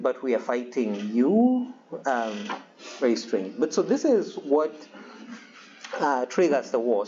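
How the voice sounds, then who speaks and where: A man's voice: mid-range voice, a little mellow, slightly rough. Chatty male history lecturer, lo-fi. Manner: loose and conversational, with many fillers and acted-out asides. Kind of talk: recorded classroom lecture.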